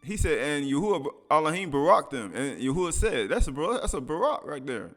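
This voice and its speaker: A man's voice: on the high side, sing-song, a little fast, faint music behind. A man preaching a sermon, reading scripture aloud and commenting in casual speech with laughs.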